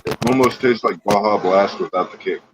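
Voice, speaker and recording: A man's voice: on the low side, a little fast. A man joining a casual livestream, cracking crude jokes in offhand banter. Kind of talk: casual chat. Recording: dull lo-fi mic with background noise.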